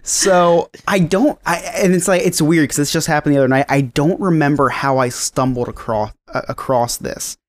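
A man's voice: on the high side, moderate pace, hardly any pauses, dry recording. Sheepish, hesitant man on a podcast. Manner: hesitant, sheepish, many fillers. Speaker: podcast co-host. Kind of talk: casual chat.

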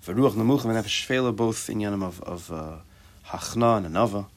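A man with a somewhat low voice leads a Torah class. He talks to his students in a loose, conversational way. He drops Hebrew terms into his English, asks rhetorical questions and makes joking asides. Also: a little fast. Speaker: Torah teacher.

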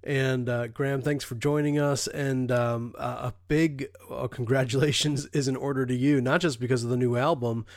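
A man's voice: medium pitch, steady tone, moderate pace, hardly any pauses, dry recording. A man hosting a podcast from his home studio, his voice nasal and congested from being ill. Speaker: podcast host.

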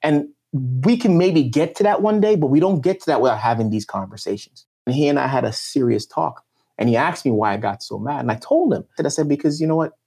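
A man's voice: a little high, a little fast, creaky, mellow, slightly rough. A man speaking as a podcast guest, telling a personal story in an emotional, emphatic way. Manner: passionate and emphatic, with swinging intonation.

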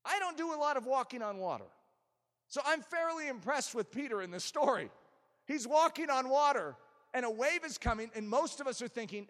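A man preaching a sermon, emphatic and animated, with touches of self-deprecating humor. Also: extremely high pitch. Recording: long reverb of a large hall.

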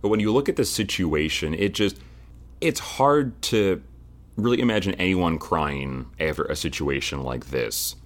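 Deep-voiced man co-hosting a podcast. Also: animated, unhurried. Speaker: podcast co-host. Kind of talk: casual chat.

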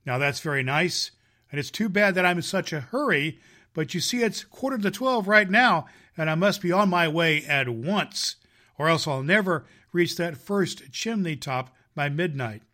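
A man's voice: a little high, lively intonation, normal speed, pushed and bright. A man voicing a jolly old Santa with a big, hearty, laughing voice. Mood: jovial.

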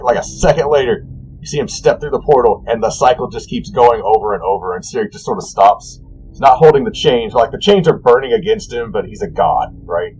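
A man narrating as game master in a casual, animated way, often saying "like". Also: medium pitch, a little hiss or hum, low-quality recording.

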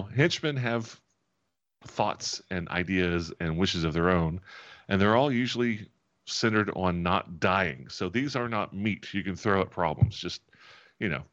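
A man from Tennessee hosting and narrating as game master in a relaxed, rambling way, chuckling often. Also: deep voice. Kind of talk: narrating a tabletop game and chatting. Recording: dull lo-fi audio.

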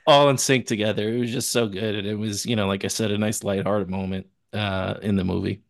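Low-voiced man recounting movie scenes. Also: brisk, gravelly, dry recording. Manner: relaxed, acts out quoted lines. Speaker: podcast co-host. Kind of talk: casual movie review chat.

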